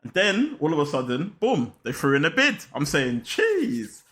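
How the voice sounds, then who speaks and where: A man's voice: fairly high pitch, sing-song, moderate pace, fairly bright tone. A young man hosting a casual football chat, slangy and hyped, talking straight to his viewers. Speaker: football channel host.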